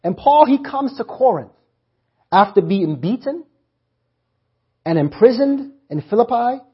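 Husky high-voiced man preaching. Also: very animated, unhurried, dull audio. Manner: asks the congregation to answer back. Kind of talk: sermon.

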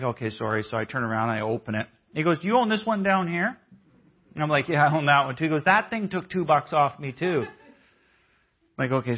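Male speaker, mid-pitched voice, lively anecdotal sermon, muffled recording. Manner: animated anecdotal storytelling, acting out quotes. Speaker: conference speaker. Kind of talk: storytelling sermon. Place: church hall. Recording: dull, muffled audio.

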